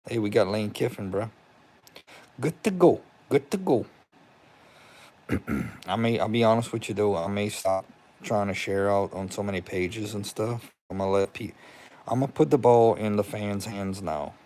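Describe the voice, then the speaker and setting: A man's voice: lowish voice, normal speed. A young man chatting casually on a livestream at home, greeting viewers by name. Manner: excited, talks to viewers by name, relieved. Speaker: livestream host. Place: home room with TV.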